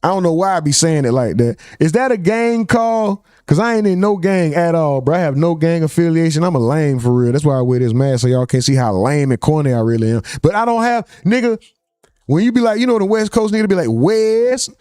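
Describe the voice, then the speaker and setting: A man's voice: on the high side, expressive, a little fast, darkish tone, no room sound, clean studio sound. A man hosting a live stream, casually reading out chat comments and joking with viewers. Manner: loose, joking, reads chat names aloud.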